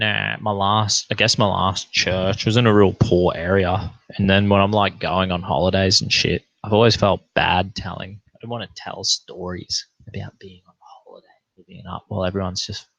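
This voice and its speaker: A pastor telling a profane, animated anecdote in a casual way. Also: male voice, deep voice, creaky, no echo, muffled recording. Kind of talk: casual storytelling.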